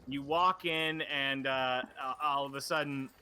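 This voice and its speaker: Guy dm narrating, bright sharp voice, rambly with umms. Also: medium pitch, steady tone, a little slow, a little hiss or hum. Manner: rambling, lots of ums and self-corrections. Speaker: dungeon master. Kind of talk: narrating a tabletop game.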